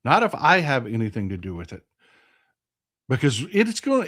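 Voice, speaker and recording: Fired-up Texan man with a lively voice. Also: mid-range voice, moderate pace, long pauses. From Texas. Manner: impassioned, blunt and profane, repeats phrases for emphasis. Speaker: host. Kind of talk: political commentary vlog.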